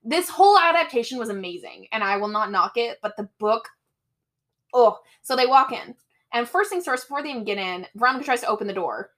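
Woman co-host, fairly high voice, casual chat, animated storyteller who swears. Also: brisk. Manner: animated, acts out quotes in shifting voices; swears freely, laughs often. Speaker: podcast co-host.

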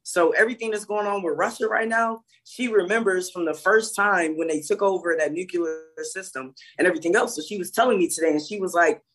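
A man's voice: sits high, fairly quick, hardly any pauses, fairly bright tone. A man co-hosting a podcast, talking in a blunt, emphatic, casual way and swearing freely. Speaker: podcast co-host. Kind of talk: casual chat.

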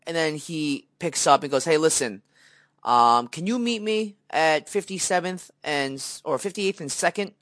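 A man's voice: a little high, normal speed, no room sound. Young man, podcast co-host, casual storytelling, acts out quoted voices, dry close sound. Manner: animated storyteller, acts out quoted dialogue, many fillers.

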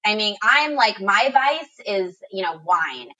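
A woman chats casually and upbeat, giving friendly advice about spending, calling people "girl" and filling her talk with "you know" and other fillers. Her medium-pitched voice is expressive, bright, and forceful, with a measured pace.

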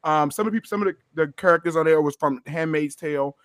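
A man co-hosting a casual podcast chat, animated and laughing, often repeating himself as he talks. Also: fairly high pitch, quick pace, dry recording, clean studio sound. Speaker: podcast co-host.

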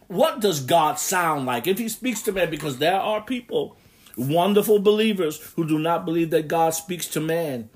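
Emphatic male preacher, slightly high voice. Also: expressive, moderate pace. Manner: preaching with rising emphatic bursts and scripture readings in old English. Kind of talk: sermon.

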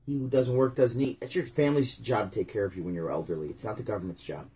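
A man's voice: lowish voice, fairly even intonation, quick pace, warm tone, slightly rough. A man from upstate New York hosting his own livestream, ranting bluntly and chatting casually with viewers. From Syracuse, New York. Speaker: channel host.

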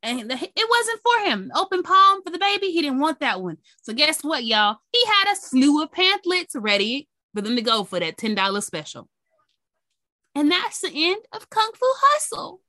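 A woman co-hosting a casual movie podcast, animated and swearing freely as she retells plots. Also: high voice, normal speed, hardly any pauses, no room sound, clean studio sound. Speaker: podcast co-host. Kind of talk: casual chat.

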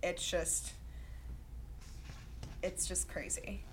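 A woman's voice: on the low side, drawn-out words, slight background noise. A young woman co-hosting a casual podcast, chatting animatedly about a movie and peppering her talk with "like.". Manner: chatty, animated, full of "like" fillers. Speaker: podcast co-host. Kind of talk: casual chat recapping a movie.

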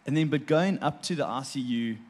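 A medium-pitched man, a talk show guest, tells a personal story in a heartfelt but halting way, repeating words and laughing between moments.

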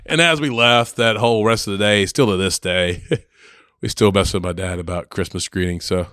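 A man's voice: fairly low pitch, fairly even intonation, moderate pace, fairly bright tone, clear, resonant tone, no room sound, clean studio sound. A man chatting casually, telling family stories with frequent laughter and acted-out quotes. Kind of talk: casual storytelling chat.

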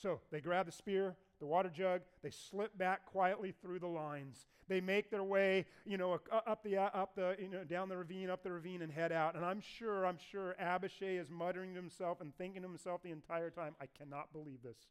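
Animated male preacher with a smooth, high voice. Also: a little fast, few pauses. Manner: animated storyteller acting out voices. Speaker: pastor. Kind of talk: sermon.

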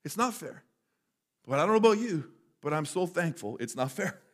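Male pastor, fairly high voice, animated conversational preaching, drops to near-whisper for emphasis. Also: normal speed. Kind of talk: sermon. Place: church sanctuary.

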